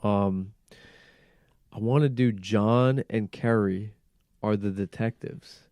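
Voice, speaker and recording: A man hosting a casual in-studio podcast conversation, animated, peppering his talk with swearing and "like.". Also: lowish voice, takes it slowly, no room sound. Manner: animated, frequent swearing and filler "like". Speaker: podcast host.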